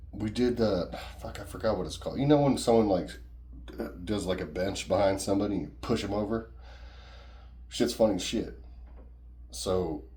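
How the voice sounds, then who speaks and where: A man's voice: sits low, darkish tone. A man casually telling a personal story in a rambling, profane, conversational way.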